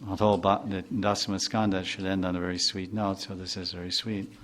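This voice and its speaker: Older guy teaching scripture, lowish voice, rambly and conversational. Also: level tone, a little fast, a bit bright. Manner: conversational, rambling with many asides and restarts. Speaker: spiritual teacher. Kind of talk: devotional lecture.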